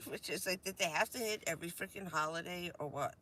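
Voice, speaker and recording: A woman's voice: fairly low pitch, lively intonation, brisk, noisy background. A woman from New Jersey chatting casually on a vanlife live stream, rambling and laughing often.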